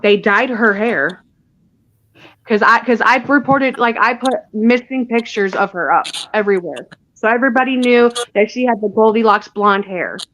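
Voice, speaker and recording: A woman's voice: on the high side, normal speed, a bit bright, muffled recording. Mother telling her story in a rush. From Indiana. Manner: tells her story in a rush, with restarts and asides. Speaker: interview guest. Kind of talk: emotional personal account.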